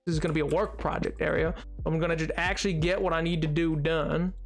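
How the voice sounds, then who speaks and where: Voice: mid-range voice, fairly even intonation, fast, faint music behind. A livestreamer chatting casually while gaming, rambling with lots of restarts and filler words.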